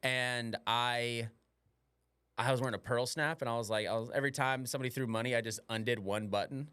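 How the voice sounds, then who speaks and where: A young man hosts a casual podcast, spinning loose, profane stories packed with goofy slang. His voice sits at an ordinary middle pitch. It is recorded close and dry with no room sound. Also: fairly even intonation, a little fast, bright, forceful tone, clean tone, no room sound. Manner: profane, rambling storytelling with playful slang. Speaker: podcast host and stand-up comic.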